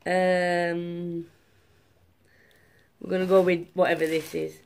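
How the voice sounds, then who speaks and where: A woman's voice: on the low side, slow pace. A young woman, unboxing gifts and gushing to her viewers in a casual vlog. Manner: gushing, excitable, talks to viewers. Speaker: vlogger.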